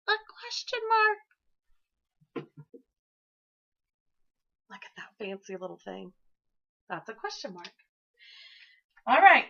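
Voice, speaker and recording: In a sharp, rather high voice, a woman teaches young children an early-grade lesson, using an encouraging, sing-song delivery. The classroom recording is dull and lo-fi.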